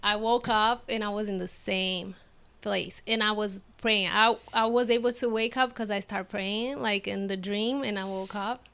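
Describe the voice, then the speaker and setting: A woman's voice: medium pitch, fairly even intonation, normal speed, vocal fry, fairly bright tone, clear, resonant tone. A woman hosting an interview podcast, supportive and conversational, answering often with brief affirmations. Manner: supportive, frequent short affirmations. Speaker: podcast host.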